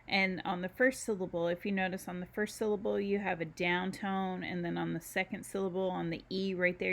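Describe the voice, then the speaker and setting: A woman teaching a recorded university lecture, explaining slowly with frequent ums and pauses while walking through a document. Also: on the low side, fairly bright tone. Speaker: university instructor. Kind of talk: recorded screen-share lecture.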